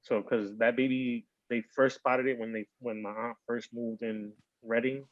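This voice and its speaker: A man rambling through a casual podcast chat, tipsy and slurring now and then, with a bit of Spanish mixed in. His voice sits at an ordinary pitch. The recording is dry and dull, like a lo-fi mic. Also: level tone, normal speed, no echo. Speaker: podcast host. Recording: dull lo-fi sound.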